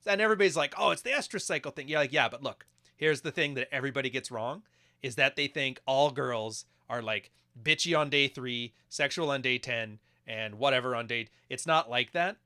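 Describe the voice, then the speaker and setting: A man's voice: medium pitch, a little fast, pushed and bright. A man giving crude, mocking casual commentary while reacting to videos. He keeps acting out quoted voices.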